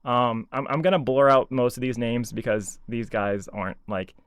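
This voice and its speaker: A man's voice: mid-range voice, steady tone, normal speed, clean tone, no room sound. A man ranting casually as a video commentator, sarcastic and exasperated, full of filler words. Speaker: YouTube commentator.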